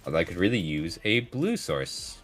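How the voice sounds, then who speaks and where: Bright, lively man streaming a card game. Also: deep voice, moderate pace, faint music behind. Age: 30s. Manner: rambling, chatty, talks to chat while playing. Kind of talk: casual gameplay commentary with storytelling.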